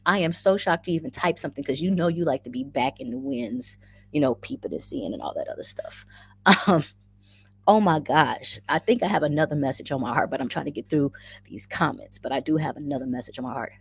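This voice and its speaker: A woman's voice: low-pitched, a little fast, gravelly, slightly rough, dry recording. A woman hosting a casual livestream, effusively greeting viewers by name and chatting through the comments, often repeating her phrases. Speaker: livestream host.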